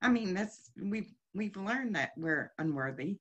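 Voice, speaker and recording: A woman's voice: medium pitch, animated, a little slow, husky, highs cut off. A woman giving a heartfelt, conversational spiritual teaching lecture at a chapel service, often asking her listeners questions. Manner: heartfelt, asks the congregation many questions.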